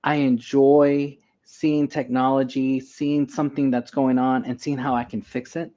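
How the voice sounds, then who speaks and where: Man, interview guest, lively storyteller, slightly dull lo-fi sound, middle-pitched voice. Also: unhurried. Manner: animated storyteller, acts out quoted dialogue. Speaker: guest, emergency doctor.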